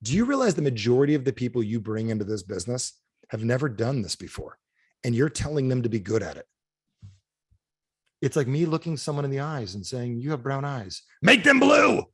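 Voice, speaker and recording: A man delivers a lively motivational sales talk with a voice that swoops up and down. He keeps asking his listeners questions to pull them in. The sound is dry and close, with no room around it. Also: mid-range voice, brisk, husky, no echo. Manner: animated, asks the audience repeated questions. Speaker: motivational speaker. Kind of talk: energetic sales training talk. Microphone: video call.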